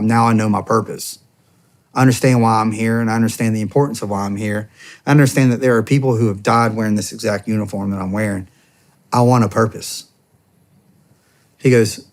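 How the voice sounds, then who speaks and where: Man telling a rambling army story. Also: fairly low pitch. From United States. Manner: rambling, heavy on "I'm like" and quoted dialogue. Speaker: podcast guest, former soldier and police officer. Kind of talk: casual storytelling in a long-form interview.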